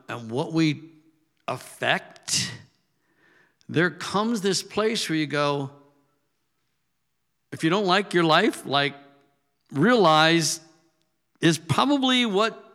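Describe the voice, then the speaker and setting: A man preaching a sermon in an animated storytelling manner, his voice rising loud when he makes a point. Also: a little high.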